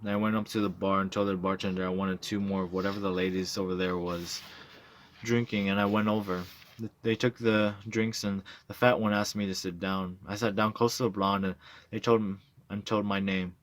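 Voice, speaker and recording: A man's voice: sits low, level tone, brisk, lightly acted. A man reading a novel aloud, voicing a boastful, coarse drunk male war veteran telling his stories. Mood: bragging. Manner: bragging, coarse, swaggering storyteller.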